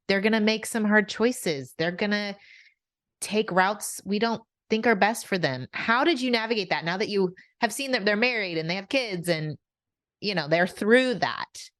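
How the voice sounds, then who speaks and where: A woman's voice: medium pitch, no echo, studio quality. A woman hosting a podcast interview who asks questions and affirms her guest often. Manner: warm, affirming, many short backchannels. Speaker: podcast host.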